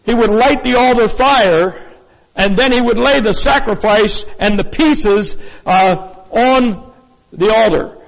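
High-voiced preacher in an echoing hall. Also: male voice, slow, gravelly. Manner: folksy, rambling preaching with frequent fillers and asides. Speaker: pastor. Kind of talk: sermon. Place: church sanctuary.

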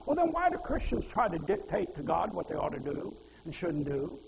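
Gravelly high-voiced preacher in a hall. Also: male voice, sing-song, moderate pace. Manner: folksy, rhetorical questions, quotes scripture. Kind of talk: sermon. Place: church hall. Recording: reverberant hall.

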